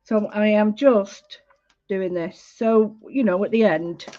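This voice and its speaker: A woman's voice: mid-range voice, takes it slowly, dark tone, highs cut off. A woman, hosting a casual livestream art lesson, chatty and full of greetings, often interrupting herself. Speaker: art class host.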